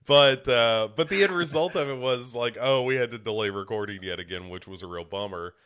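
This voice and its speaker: Slightly stuffed up, this young man co-hosts a podcast in casual chat, rambling with many restarts and self-mocking jokes. His mid-range voice is clear, resonant and fairly bright, and a little fast.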